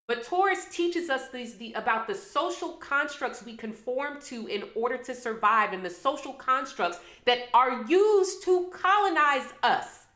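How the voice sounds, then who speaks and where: A woman's voice: high-pitched, big pitch swings, measured pace, few pauses, a bit bright, reverberant. A woman astrology reader, delivering an impassioned, preachy livestream monologue full of rhetorical questions. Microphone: camera mic on a livestream.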